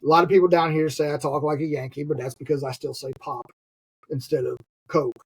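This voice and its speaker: Gravelly Southern man, casual and profane. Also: on the high side, flat delivery, a little fast, rough recording. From US Gulf Coast. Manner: swears freely, laughs often. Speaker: podcast guest. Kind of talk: casual conversation.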